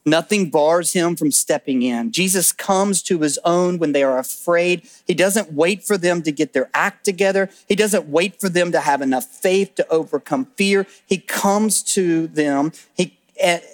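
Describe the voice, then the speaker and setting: A man preaching a sermon as pastor, animated in his storytelling and dropping to a hush on key words. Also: on the high side, measured pace, hardly any pauses. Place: church auditorium.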